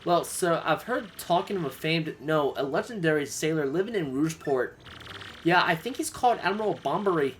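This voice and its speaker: A man voicing a gruff, loyal male bomb-creature sailor with rough, folksy speech. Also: on the high side, expressive, a little fast, a little hiss or hum, natural voice.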